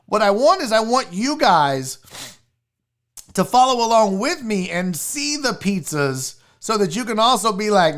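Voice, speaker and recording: A man's voice: sits high, sing-song, measured pace, a bit bright. A man hosting a casual sports livestream, rambling, jokey and profane, fiddling with his screen as he talks. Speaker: sports show host.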